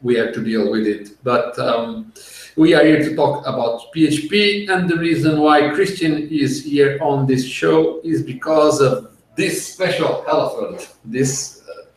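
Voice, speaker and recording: A man hosts a casual tech podcast over a video call, explaining things slowly and calmly and laughing now and then. His voice bounces around a very echoey room. He sits well back from the microphone, so he sounds distant. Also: on the high side. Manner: unhurried, explanatory, laughs easily. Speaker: podcast host. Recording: echoey room, far from the mic.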